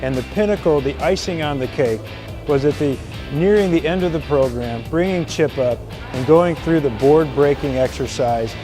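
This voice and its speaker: A man speaks steadily and earnestly in a testimonial. His voice is a little higher than most men's. Music plays clearly behind him. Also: normal speed. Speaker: company leader giving a testimonial. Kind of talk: recommendation testimonial.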